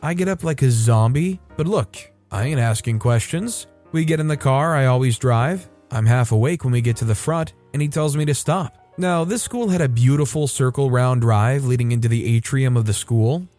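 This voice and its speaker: A man's voice: medium pitch, moderate pace, darkish tone, faint music behind. Man narrating online stories. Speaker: story narrator.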